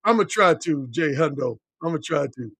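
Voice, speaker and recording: A man's voice: lively intonation, moderate pace, gravelly, fairly bright tone, breathy edge. A middle-aged male dating coach talking bluntly on a livestream, swearing freely and repeating his points for emphasis. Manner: mimics other men in a high voice when quoting. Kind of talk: livestream talk answering chat.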